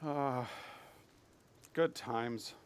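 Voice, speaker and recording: A man's voice: medium pitch, drawn-out words, a little hiss or hum. A man streaming a video game live, telling rambling anecdotes and swearing freely at the game. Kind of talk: live gameplay commentary and storytelling.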